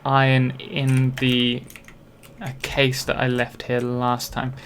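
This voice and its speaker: A man's voice: mid-range voice, completely flat delivery, slow, a bit bright, a little hiss or hum. A young man from Britain chatting casually on a live game stream, rambling and self-deprecating, with many ums and restarts. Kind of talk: casual live-stream chat while playing.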